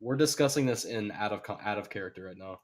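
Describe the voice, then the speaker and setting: A man talks quickly as a player in a casual tabletop game. His voice sits fairly low. He presses the group to get moving and often trips over repeated words. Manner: pushy, repeats words while trying to move things along.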